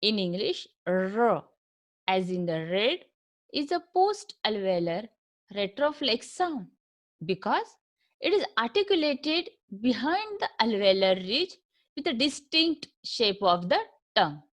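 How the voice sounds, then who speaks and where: A woman's voice: on the high side, big pitch swings, unhurried. A woman with an Indian accent giving a recorded phonetics lecture as an English lecturer, patiently repeating and drilling each sound.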